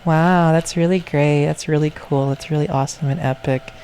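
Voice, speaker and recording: Video maker riffing on toys; gravelly fry, mid pitch, repetitive ironic jokes. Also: steady tone, moderate pace, darkish tone, a little hiss or hum. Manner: jokey, repetitive, ironic asides. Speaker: video maker reacting to toy content. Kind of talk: rambling reaction commentary.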